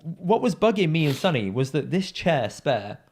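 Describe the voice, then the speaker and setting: A young man from in England, co-hosting a podcast, telling a pub story in a casual chat and acting out the people he quotes. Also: moderate pace. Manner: animated storyteller, acts out quoted voices with big pitch jumps. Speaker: podcast co-host.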